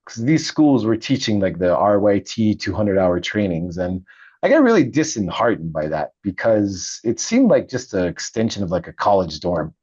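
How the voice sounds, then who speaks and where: A middle-aged man, a veteran, telling his story in a casual interview, animated and laughing often. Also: lowish voice, moderate pace, slightly rough, dry recording, lo-fi sound. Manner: animated, laughs often, acts out quoted voices. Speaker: podcast guest, Navy veteran and author.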